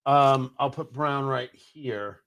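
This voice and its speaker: A male host on a live-streamed talk show, joking with chat viewers and often restarting his sentences. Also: mid-range voice. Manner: animated, teasing chat-reader banter; halting, restarts mid-sentence.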